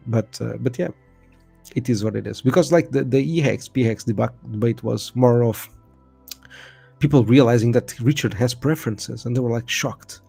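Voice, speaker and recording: A man's voice: mid-range voice, gravelly, warm tone, breathy edge. A man from Portugal hosting a crypto livestream, chatting casually in a rambling, slangy way and swearing now and then.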